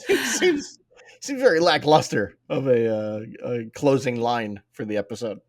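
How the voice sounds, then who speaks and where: An eager fan of a man in casual podcast chat, who keeps saying how much he loves every scene. His pitch jumps up and down, and the recording sounds close and dry, with no room around it. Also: expressive, a little slow, dry recording. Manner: enthusiastic fan, keeps repeating "I love that". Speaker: podcast co-host. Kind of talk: casual chat reviewing a cartoon episode.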